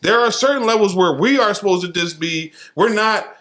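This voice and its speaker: Man, podcast co-host, blunt and profane, slightly high voice, animated chat. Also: a little fast. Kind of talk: casual chat.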